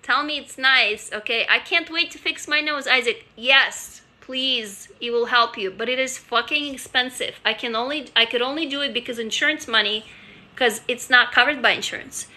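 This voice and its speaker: A Russian livestreamer, a native Russian speaker, sits on a couch in her home office reading viewer comments into a handheld phone. She's candid and chatty at a moderate pace, with a high, sharply bright voice, frequent restarts and free swearing.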